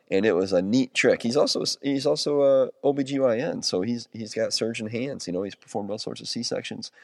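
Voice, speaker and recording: A man hosting a podcast, telling a rambling outdoor story casually, with restarts and self-corrections, and sudden jumps to excited highs. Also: dry recording, clean studio sound.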